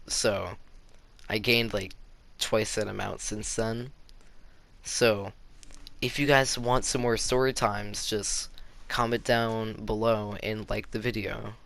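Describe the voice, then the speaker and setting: Teenage guy, low gravelly voice, bright edge, casual rambling story time, lots of fillers. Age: teens. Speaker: YouTuber.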